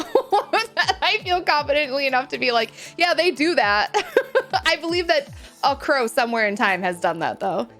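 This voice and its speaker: In a home room with a window and faint game music in the background, a woman streamer chats casually with her live chat, reacting to viewer messages. She's giggly and says "like" a lot, and her voice is a little high with a fairly bright tone.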